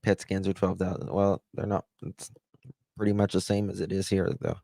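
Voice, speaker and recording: A man's voice: low-pitched, level tone, moderate pace, creaky, warm tone, no echo. A man from the United States hosting a livestream, rambling chattily as he thanks viewers and tells stories. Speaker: livestream host.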